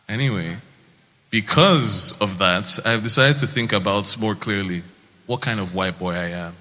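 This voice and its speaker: A young man from Nigeria with a Nigerian accent, doing a stand-up set in a wry, deadpan way. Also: fairly low pitch, unhurried, pauses often. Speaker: stand-up comedian. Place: comedy stage. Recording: reverberant live stage.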